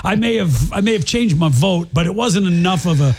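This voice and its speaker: A man's voice: high voice, lively intonation, brisk, a little mellow, slight background noise. A man co-hosting a radio show, chatting casually, laughing often and repeating himself as he thinks. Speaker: radio co-host.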